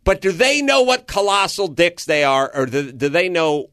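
A man's voice: a little high, normal speed, no echo. Guy ranting on a podcast, voice jumps all over when he acts out people, dry close sound. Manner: animated storytelling, acts out quotes, profane. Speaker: podcast co-host. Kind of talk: casual comedic rant.

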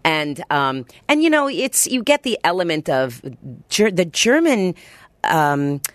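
Woman, middle-aged, lively swooping voice, animated, dry close sound. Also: unhurried, dry recording. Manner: animated, pitch jumps high when excited. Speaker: guest. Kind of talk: casual interview chat.

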